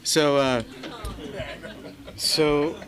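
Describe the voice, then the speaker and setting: A man's voice: fairly high pitch, fairly even intonation, drawn-out words, a crowd in the background. A man speaking at a recovery meeting, telling a personal story in a laid-back way to a live audience, with many fillers and quoted dialogue. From Los Angeles area. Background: audience laughter.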